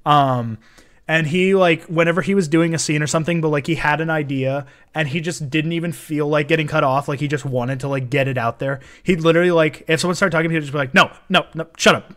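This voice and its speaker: A young man talks through a homemade film in a loose, rambling way. He laughs often and fills his sentences with "like." His voice sits a little high for a man. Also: fairly even intonation, fast talker, a bit bright. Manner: giggly, rambling, lots of "like". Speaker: filmmaker giving commentary. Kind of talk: casual film commentary chat.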